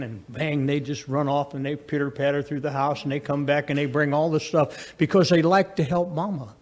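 Delivering a sermon, a man shares homespun stories about his family, alternating loud, emphatic statements with hushed asides.

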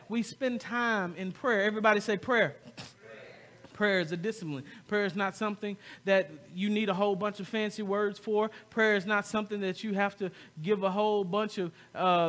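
A man's voice: high-pitched, fairly bright tone. A male pastor preaching a sermon, often repeating words and calling on the congregation to respond.

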